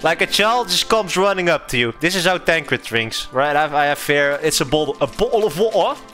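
Excitable young man with lively pitch. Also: moderate pace, soft background music. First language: not English. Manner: excitable, laughs often, swears, jokey. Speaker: streamer playing a game. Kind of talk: casual let's-play commentary.

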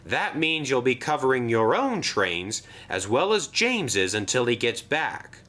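Give me a man putting on a strict storybook railway boss. He sounds commanding and stern and speaks slowly. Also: mid-range voice, sing-song, sharp tone, full character voice.

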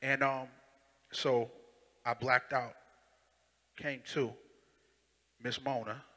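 A young adult man giving an animated spoken testimony on stage, acting out voices and swinging from loud to hushed. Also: medium pitch, slow. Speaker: Christian rapper giving testimony. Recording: long hall reverb.

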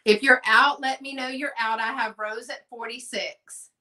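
A woman's voice: a little high, steady tone, moderate pace, bright, forceful tone, distant mic. A chatty woman hosting a live sale stream, reading out bids and saying y'all. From Texas. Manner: chatty, says y'all, reads bids aloud. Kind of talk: live selling stream, casual chat.

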